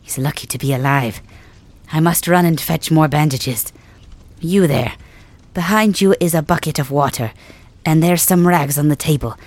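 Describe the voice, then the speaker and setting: A fussy old male healer, put on by a woman for an ASMR role-play, courteous and anxious over a wounded king. The voice sits fairly low and talks in polite, hurried repeats. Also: darkish tone. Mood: fussing. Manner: fussing, polite, urgent.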